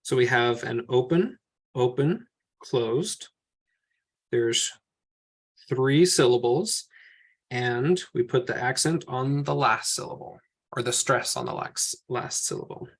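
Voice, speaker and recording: A man's voice: medium pitch, slow, long pauses. Man, teacher, mid-range voice, patient, step-by-step, thinking aloud. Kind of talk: classroom teaching over slides.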